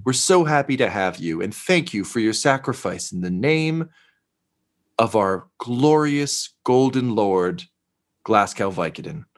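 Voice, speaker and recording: A man voicing an eager, fawning woman attendant of a cult, speaking slowly and effusively. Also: lowish voice, animated. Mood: gushing.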